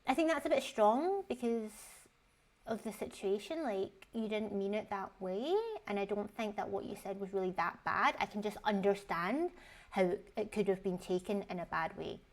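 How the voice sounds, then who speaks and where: A woman's voice: medium pitch, moderate pace. A woman in her usual mid-range voice gives casual reaction commentary on online posts. She is frank and chatty, swears without a second thought and keeps asking rhetorical questions.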